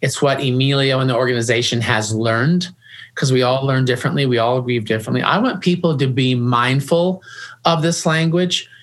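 Here the grief organization founder, a middle-aged man, talks at a moderate pace with a medium-pitched voice. It's a conversational interview where he's the guest, and his earnest speech is full of restarts and repetitions.

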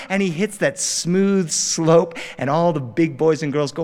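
A middle-aged man telling a personal story live in a studio before an audience, acting out the voices and swinging his pitch wide for drama. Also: normal speed, few pauses, in a large hall. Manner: animated, acts out dialogue with big pitch jumps.

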